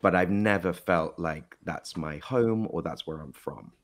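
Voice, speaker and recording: A man from Mexico talks in a relaxed interview, his mostly English accent carrying American touches. His voice sits low, and he hesitates often, with fillers and restarts. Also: measured pace. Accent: mixed, mostly English with American touches. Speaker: guest actor. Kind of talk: casual interview chat.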